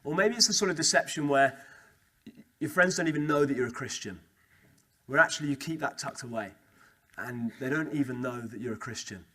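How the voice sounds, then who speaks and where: A young man giving a lively, conversational talk to a student Christian group, repeating key phrases for emphasis. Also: mid-range voice, brisk. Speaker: speaker at a student Christian Union meeting. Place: student meeting room.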